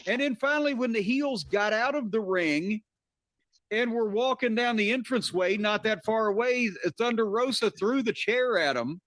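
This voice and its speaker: A man co-hosting a podcast, recapping events as an excited story in casual chat. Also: sits high, moderate pace, dry recording. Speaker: podcast co-host.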